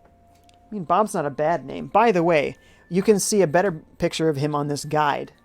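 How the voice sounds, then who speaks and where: Gravelly, chatty game streamer. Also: mid-range voice, normal speed, dry recording. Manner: chatty, muses aloud, hums while thinking. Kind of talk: live-stream gameplay commentary, reading chat aloud.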